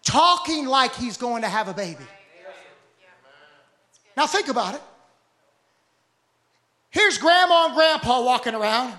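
A man preaching a sermon with fervent, rhythmic repetition that builds to shouts. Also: very high-pitched, lively intonation, unhurried, long pauses.

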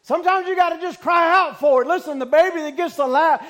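A male preacher delivering a fervent sermon, shouting out loud cries and then dropping to hushed talk. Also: very high-pitched, fast talker.

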